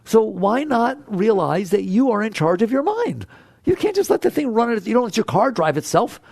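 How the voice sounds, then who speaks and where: A man giving a spiritual talk to an audience, playful and animated, acting out inner thoughts and voices. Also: normal speed, gravelly, no room sound, clean studio sound. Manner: animated and playful, swinging from low hushed tones to high excited exclamations. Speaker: spiritual teacher.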